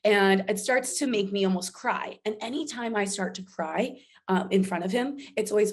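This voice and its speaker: A woman's voice: mid-range voice, fairly quick, hardly any pauses. Woman animatedly telling a personal story. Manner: animated, acts out quoted dialogue. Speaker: podcast guest. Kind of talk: personal storytelling in casual chat.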